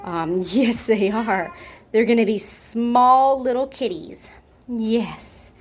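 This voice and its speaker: A woman's voice: a little high, slow, slight background noise. A woman chatting casually in an adoption video, talking up kittens and cooing baby talk to them, with cats meowing nearby at home. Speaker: cat foster and adoption volunteer.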